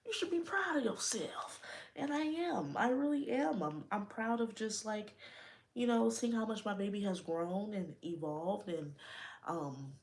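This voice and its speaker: A woman's voice: mid-range voice, animated, a little slow, a little mellow. A young woman hosting her own podcast, talking openly and casually in slangy speech, straight to her listeners. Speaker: podcast host. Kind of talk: casual personal talk.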